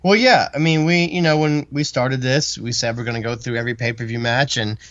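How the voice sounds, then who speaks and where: A man's voice: mid-range voice, steady tone, a little fast, fairly bright tone, no echo. Laid-back male co-host, dull sound. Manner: laid-back, laughs easily. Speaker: podcast co-host. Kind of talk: casual podcast chat.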